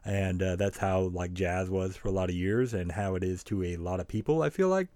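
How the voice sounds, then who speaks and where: Casual man with a lowish voice. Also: brisk, few pauses, mellow. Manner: loose, filler-heavy. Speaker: podcast co-host. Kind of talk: casual review chat.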